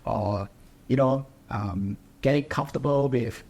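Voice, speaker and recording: A man's voice: medium pitch, unhurried, a little mellow, husky. A young man from Singapore, a triathlete guest, chatting casually and hesitantly with many fillers and restarts. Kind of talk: casual interview chat.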